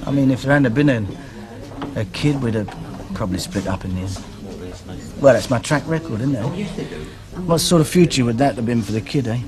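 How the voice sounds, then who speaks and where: A rueful, self-mocking bloke, as an actor plays him in a soap opera. His voice sits at an ordinary pitch, and his talk is wry and plainspoken. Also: lively intonation, normal speed, a crowd in the background, natural voice.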